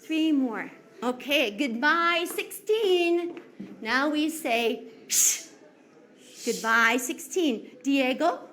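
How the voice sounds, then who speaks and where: Woman classroom teacher, high and lively voice, slow and sing-song. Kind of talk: classroom instruction.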